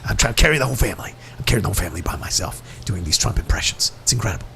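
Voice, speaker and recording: Guy doing a braggy old movie star, low gravelly drawl, rushes it. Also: lively intonation, pushed and bright, slight background noise, full character voice. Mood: boastful. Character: gravel-voiced vain older male film actor.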